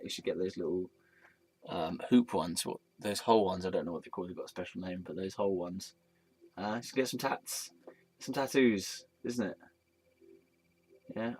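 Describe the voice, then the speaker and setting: A tired man rambling casually and self-deprecatingly to a statue while he films. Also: low-pitched. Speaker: vlogger.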